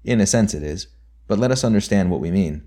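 A man narrating an audiobook in a measured, deliberate reading. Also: deep voice, lively intonation, mellow.

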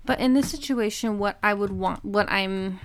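A young adult woman hosting a podcast, speaking earnestly and emotionally in a personal monologue with halting restarts. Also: mid-range voice. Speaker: podcast host.

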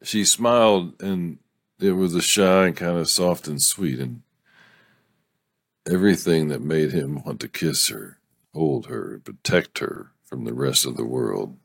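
A man with a very low, gravelly and husky voice reads a romance novel aloud at an unhurried pace. He breaks off again and again to laugh, swear and riff on the story in a casual way. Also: animated, no echo. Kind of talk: casual read-aloud with commentary.

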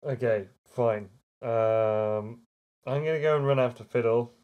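A man's voice: mid-range voice, measured pace, muffled recording. A man playing a tabletop role-playing game, talking in an easygoing, amused way. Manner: easygoing and amused, often laughing. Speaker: player. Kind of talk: casual tabletop role-play.

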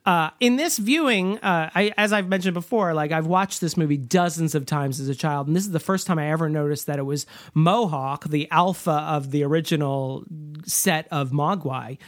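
A man's voice: a little high, normal speed, few pauses, no echo. Dry-voiced man chatting about a film. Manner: chatty, filler-heavy, rambling analysis. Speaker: podcast co-host. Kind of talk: casual film discussion.

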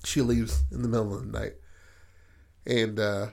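A man casually pitching a story idea in loose, profane talk, acting out the characters' lines. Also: flat delivery, moderate pace, vocal fry, a little mellow. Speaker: podcast host.

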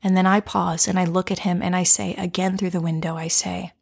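A woman coach telling a personal story and guiding listeners to reflect, speaking softly and slowly and often dropping to a whisper. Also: on the low side, little pitch movement, gravelly, breathy edge.

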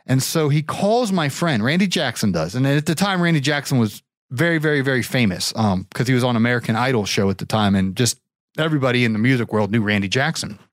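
Casual male storyteller from Ohio, rambling and lively, dry close sound. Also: fast talker, dry recording. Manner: rambling, animated, pitches up for quoted voices. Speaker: show regular telling a story.

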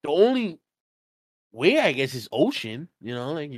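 A man's voice: a little high, big pitch swings, measured pace, dry recording, clean studio sound. A man co-hosting a podcast in casual, rambling chat, swearing freely. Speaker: podcast co-host. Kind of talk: casual chat among friends.

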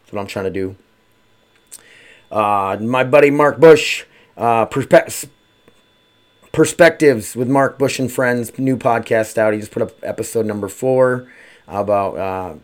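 A man's voice: lowish voice, a little slow. A man hosting his own podcast at home, talking casually in a rambling way with lots of swearing and "uh" fillers. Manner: rambling, profane, frequent "uh" fillers. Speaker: podcast host. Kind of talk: casual solo podcast chat.

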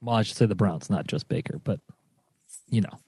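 A man's voice: fairly low pitch, a little fast, mellow, husky, no echo. A man bantering on a sports podcast, teasing and playful. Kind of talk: casual sports chat.

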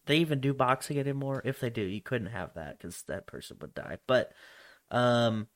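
A man's voice: mid-range voice, normal speed. Laughing, swearing podcast guy. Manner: profane, laughing, rambling. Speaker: podcast co-host. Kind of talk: casual chat.

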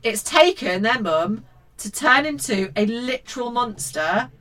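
A woman's voice: a little high, lively intonation, unhurried, a bit bright. A woman co-hosting a podcast, reading a picture book aloud and breaking off for sweary, mock-outraged commentary. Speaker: podcast co-host.

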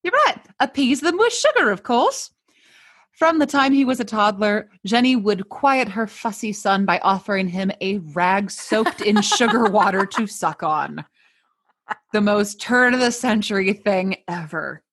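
A woman's voice: medium pitch, lively intonation, unhurried, a bit bright, slightly rough. Playful woman host telling a story. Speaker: podcast host. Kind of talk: casual chat and scripted storytelling.

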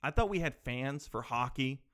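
A man talking in a rambling, animated way, asking himself rhetorical questions and swearing casually. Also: medium pitch, normal speed. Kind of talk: casual chat.

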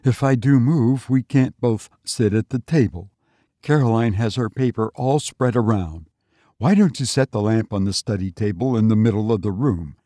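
A man voicing a sharp middle-aged sister. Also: lowish voice, moderate pace, no room sound, clean studio sound, close to an everyday voice.

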